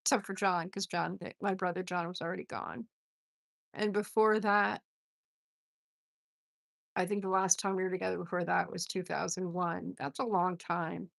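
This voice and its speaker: Woman, middle-aged, gravelly voice, poetry livestream host, reads poems aloud, chatty asides. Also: on the low side, flat delivery, moderate pace, pauses often, fairly bright tone. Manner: chatty, greets viewers by name, laughs at herself.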